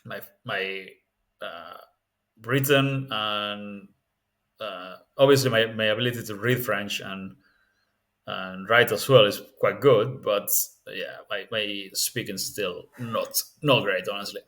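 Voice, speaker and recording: A man's voice: on the low side, takes it slowly, fairly bright tone. Candid, rambling man explaining language learning. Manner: candid and rambling, with frequent restarts. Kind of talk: casual spoken tutorial.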